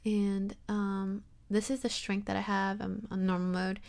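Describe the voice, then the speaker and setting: A young woman talking casually through a software tutorial, rambling and self-deprecating, with lots of fillers. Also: mid-range voice, level tone, measured pace, vocal fry. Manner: rambling and chatty, full of fillers. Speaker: tutorial host.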